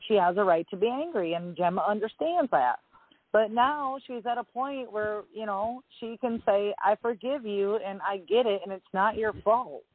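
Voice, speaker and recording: A woman's voice: medium pitch, moderate pace, dry recording. Blunt, emphatic woman caller, phone-line sound, dry. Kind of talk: casual call-in talk.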